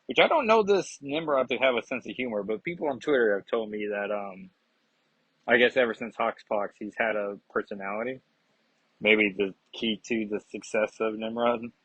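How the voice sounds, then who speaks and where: A man's voice: fairly low pitch, moderate pace, fairly bright tone, husky, no room sound, lo-fi sound. A man reviewing comics in casual chat, rambling and digressive with many fillers.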